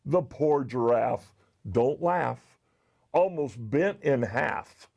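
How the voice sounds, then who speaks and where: Male storyteller, read-aloud for kids, high voice, very lively delivery. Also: vocal fry. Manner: pointing out the pictures. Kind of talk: reading a picture book aloud to children.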